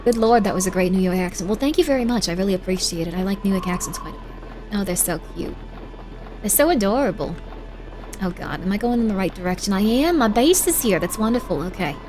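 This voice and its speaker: A young woman streaming a game, chatting casually and sympathetically with her chat. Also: medium pitch. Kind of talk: casual gameplay commentary, reading chat.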